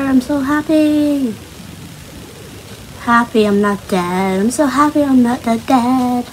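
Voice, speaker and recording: This gaming channel host has a fairly high voice and speaks slowly, leaving long pauses, on a rough recording with a bit of hiss or hum. The young woman mutters nervously to herself as she plays Minecraft, chatty and jumpy, giving casual commentary.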